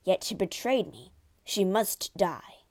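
A woman's voice: medium pitch, sing-song, slow, a little mellow, exaggerated voice. A woman reading as a stern, jealous general. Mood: brooding. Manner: growling, curt, stony. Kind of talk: storybook reading.

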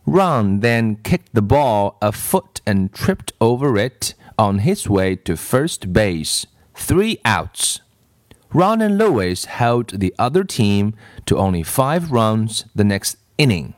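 A man reading a children's storybook aloud with expressive narration. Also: on the low side, slow, no room sound, clean studio sound.

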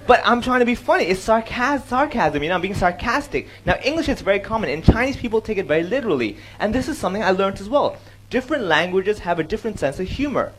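A man on stage giving an animated talk about comedy, acting out jokes and switching between English and Cantonese. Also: high-pitched, fast talker, slight background noise, low-quality recording. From Hong Kong. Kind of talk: talk on comedy with joke examples. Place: stage before an audience.

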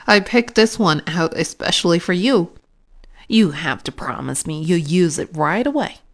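A woman voicing a helpful, clever young schoolgirl in a storybook, in a lively, chatty tone. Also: on the low side, moderate pace. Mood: cheerful.

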